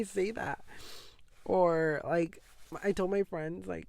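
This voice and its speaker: Sick young man with a gravelly voice. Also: fairly high pitch, measured pace, a little mellow, dry recording, clean studio sound. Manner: rambling, says "like" constantly. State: sick with a cough and sore throat. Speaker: podcast host. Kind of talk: casual solo podcast chat.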